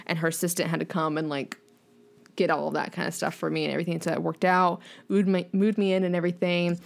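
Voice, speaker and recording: A young adult woman, a podcast guest, telling a rambling, animated story in casual chat and saying "like" often. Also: fairly low pitch, fast, gravelly. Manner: animated, rambling, heavy use of "like".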